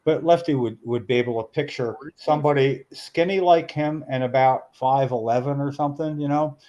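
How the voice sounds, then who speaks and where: A middle-aged man spins a long, meandering story. He is full of "uh"s and restarts and gets animated in the telling. His pitch sits in an ordinary middle range. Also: moderate pace, rough recording. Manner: rambling, animated storyteller with many fillers. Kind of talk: casual storytelling chat.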